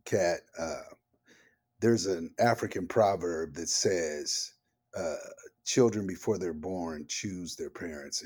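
An older man, a comedian guest on an interview, telling personal stories in a lively, animated way and acting out the voices of the people in them. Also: deep voice, breathy edge. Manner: vivid storyteller who acts out the voices in his stories.

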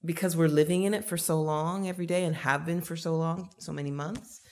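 A woman's voice: low voice, steady tone, fairly quick, a little mellow. A woman, a stage actor, talking casually and wryly in an interview. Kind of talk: interview conversation.

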